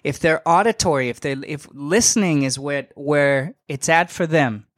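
A young man hosting a podcast, telling a story in a casual, animated and slangy way, emphatic and full of asides. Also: fairly high pitch, normal speed, no room sound, studio quality. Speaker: podcast host.

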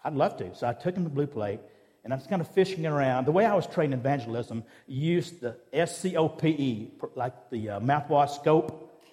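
A man's voice: mid-range voice, expressive, brisk, mellow, long reverb tail. A man giving a sermon in a conversational, storytelling way, acting out the dialogue of his anecdotes. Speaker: preacher. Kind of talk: sermon with personal stories. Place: church.

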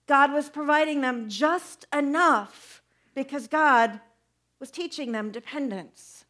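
A woman's voice: high-pitched, takes it slowly, bright, forceful tone. A woman preacher giving a conversational sermon, asking her listeners many questions.

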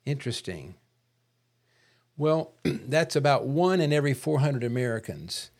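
A man talks politics on a podcast in a measured, wordy way. He pauses to clear his throat now and then. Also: mid-range voice, lively intonation, a little mellow. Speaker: podcast co-host. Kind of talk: casual political discussion.

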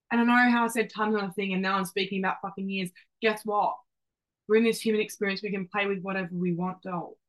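A woman's voice: mid-range voice, fairly bright tone, rough recording. A woman in her twenties hosts a solo motivational podcast. She is brash and hypes the listener up. She swears often and keeps calling them babe and doll. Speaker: podcast host.

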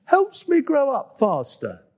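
A man voicing a cheeky, excitable little female jungle animal who stammers when she feels guilty. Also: extremely high pitch, slow pace, pitched above the performer's own voice, heavily acted.

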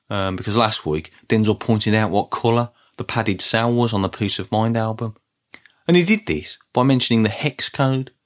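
A man with a Birmingham accent hosting a podcast, talking casually in a dry, level, self-deprecating way. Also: medium pitch. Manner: dry, level delivery with little show of excitement. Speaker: podcast host. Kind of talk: casual solo podcast talk.

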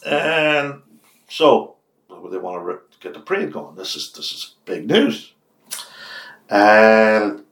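An older Irish man, a radio host, telling long anecdotes in an interview and acting out the dialogue with lively swings in his voice. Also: gravelly. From Ireland. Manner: lively storyteller, acts out quoted dialogue with big pitch jumps. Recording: roomy echo.

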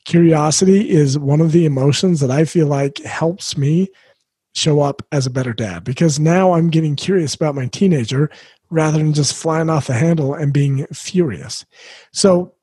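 A man's voice: fairly high pitch, a little mellow, breathy edge, no echo. A middle-aged man hosting a solo parenting podcast, talking earnestly and reflectively as he coaches the listener.

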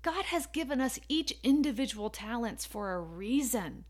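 Female podcast host, fairly high voice, emotional and emphatic motivational storyteller. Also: expressive, normal speed.

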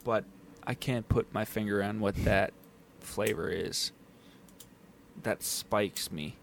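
A man's voice: lowish voice, takes it slowly, vocal fry, fairly bright tone, a little hiss or hum. A man co-hosting a casual whiskey tasting chat, joking and often hunting for words. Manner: joking, searching for words, hesitant.

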